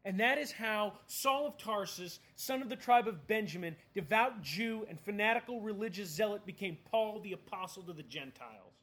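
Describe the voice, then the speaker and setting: Man, high voice, preaching, conversational, emphatic, rhetorical questions. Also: lively intonation, normal speed, hardly any pauses, sharp tone. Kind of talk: sermon.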